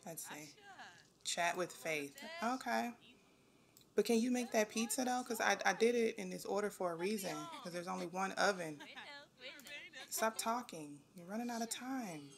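A young woman giving casual gameplay commentary, talking to the game characters and grumbling at them when they are too slow. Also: mid-range voice, gravelly, crowd noise. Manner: animated, talks to the game characters, exasperated asides. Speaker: gameplay video host. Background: faint background music.

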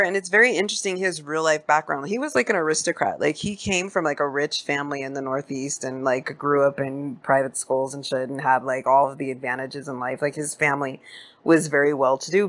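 Animated profane woman recapping a film. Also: low voice. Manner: animated, profane, laughing storyteller. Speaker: podcast host. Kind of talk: casual movie recap.

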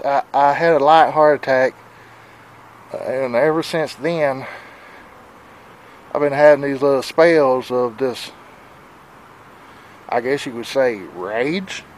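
A breathless, stuffy-nosed man in his forties vlogs outdoors into a handheld camera, his voice sitting a little high for a man. He rambles in a plain-spoken, worried way, with faint noise around him. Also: rough recording. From Southern United States. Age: 40s. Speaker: vlogger. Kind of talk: casual confessional vlog. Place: outdoors in wind.

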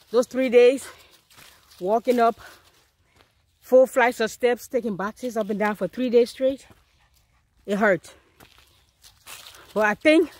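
Woman in her 50s, breathless on an outdoor hike, chatty phone-vlog delivery, pitched a touch high. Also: no echo. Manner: chatty, talking to the camera and her dog. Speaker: vlogger. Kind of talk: casual walking vlog. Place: outdoors on a mountain trail.

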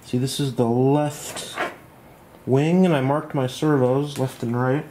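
A man walking through a model glider build at home at night, thinking aloud in a relaxed, self-deprecating way. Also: medium pitch, takes it slowly, slight background noise. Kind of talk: hands-on build tutorial.

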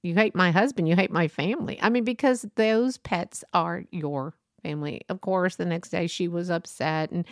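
A woman's voice: lowish voice, expressive, moderate pace, no room sound, studio quality. A grandmother hosting her own podcast, talking casually in a chatty, rambling way and laughing often. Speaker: podcast host. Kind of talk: casual solo podcast talk.

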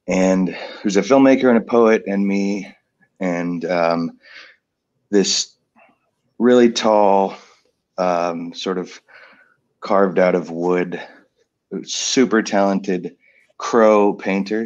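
A man telling a personal story in a casual panel, halting and pausing with fillers. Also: low voice, darkish tone, highs cut off. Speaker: guest author. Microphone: video call.

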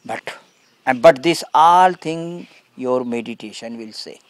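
Man, spiritual teacher, mid pitch, very slow, dry close sound, simple broken English, repeats phrases for emphasis. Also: no room sound. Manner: calm, emphatic contrasts. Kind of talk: spiritual talk to a gathering.

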